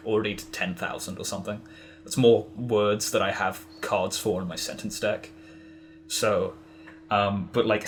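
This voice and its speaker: A man's voice: on the low side, a little hiss or hum. A man chatting casually as a podcast guest, rambling with lots of fillers and restarts. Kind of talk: casual interview chat.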